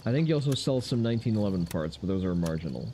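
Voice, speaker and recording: Lowish mellow guy streaming a game, swearing casually, faint crickets behind. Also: expressive, rapid-fire, a little hiss or hum. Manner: loose, profane, wry asides to chat. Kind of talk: casual gameplay commentary.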